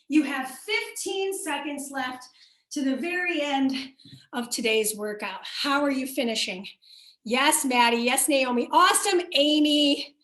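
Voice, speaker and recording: Teaching a live workout class, a young Midwestern woman counts down and calls out class members by name, her high voice bright, upbeat and encouraging. She sounds far from the microphone, in a very echoey space.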